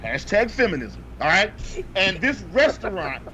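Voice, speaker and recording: High-voiced man ranting about a bad movie. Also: sing-song, moderate pace, pushed and bright. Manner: exasperated, profane, repeats punchlines for emphasis. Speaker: podcast co-host reviewing movies. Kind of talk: comedic ranting movie review. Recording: dull lo-fi audio with faint noise.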